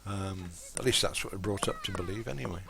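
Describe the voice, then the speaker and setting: English male streamer, low-ish voice, rambling easy chatter to viewers while he plays. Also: a little fast, vocal fry. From Lincolnshire, England. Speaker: game streamer. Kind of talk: casual live-stream commentary.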